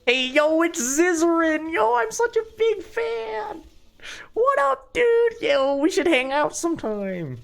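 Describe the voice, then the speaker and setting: A man imitating an overexcited young male fan who gushes loudly in a high, squealing voice. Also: very animated, slow, creaky, exaggerated voice. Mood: gushing. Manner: loud, high-pitched squealing.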